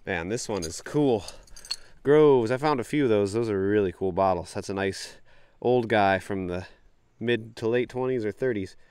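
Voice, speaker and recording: A young man, chatting excitedly to viewers while wading a creek, sniffling from allergies. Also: on the low side, normal speed, smooth, no room sound, clean studio sound. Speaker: bottle-hunting vlogger. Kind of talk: casual outdoor vlog narration. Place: outdoors in a creek.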